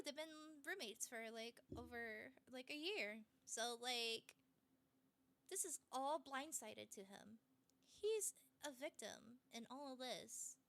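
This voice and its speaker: A woman streamer retelling a story in a casual, animated way, with many fillers. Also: high-pitched.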